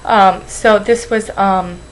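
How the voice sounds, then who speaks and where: A woman's voice: mid-range voice, steady tone, slow pace, a little hiss or hum, poor audio. A young woman vlogging at home into a webcam, rambling and apologizing, anxious and close to tears. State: tearful. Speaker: weight-loss vlogger. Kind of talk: emotional webcam vlog.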